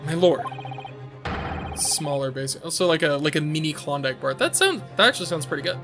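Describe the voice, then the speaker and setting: A man's voice: a little high, animated, fairly quick, music in the background. A man streaming a game, loosely joking, swearing often and reading game dialogue aloud. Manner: loose, swears a lot, jokey. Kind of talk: casual let's-play commentary with read-aloud game dialogue.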